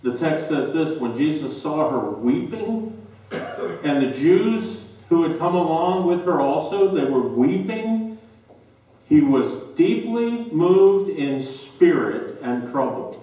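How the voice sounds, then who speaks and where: A male pastor preaching a sermon, slow and emphatic with dramatic pauses, recorded in a church sanctuary. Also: a little high, very animated, mellow. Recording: very echoey church from a distance.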